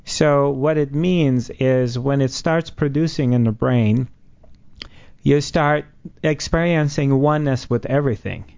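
Male guest healer, steady and unhurried, mid-range voice, muffled radio sound. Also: mid-range voice, gravelly. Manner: calm, measured, explaining. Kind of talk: explanatory interview answers.

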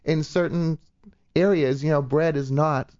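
A man's voice: on the high side, steady tone, measured pace, darkish tone. A man with a Boston accent, an actor guesting on a radio talk show, chatting casually and rambling through self-deprecating stories. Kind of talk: casual interview chat. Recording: dull lo-fi sound.

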